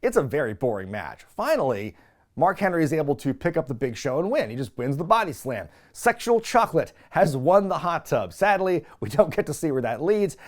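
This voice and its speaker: A man casually recapping an old wrestling show as a podcast host, sarcastic and animated, acting out quotes in mock voices. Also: on the high side, fairly quick.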